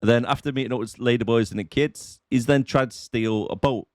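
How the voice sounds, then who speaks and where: A man's voice: mid-range voice, a little fast, no echo. A man co-hosting a film podcast, making dry scornful remarks about the plot. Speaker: podcast co-host. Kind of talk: casual movie review chat.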